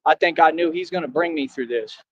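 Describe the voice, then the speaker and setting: A man in an impassioned streamed rant, preachy and defiant, swinging between shouting and low brooding. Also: brisk, no echo. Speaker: livestreamer. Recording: dry, dull lo-fi stream audio.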